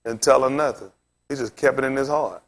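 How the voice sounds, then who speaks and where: A man's voice: mid-range voice, a little fast. A male pastor teaching a Bible lesson in a loose sermon style, constantly throwing questions at his listeners. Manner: quizzes listeners with rhetorical questions, casual phrasing.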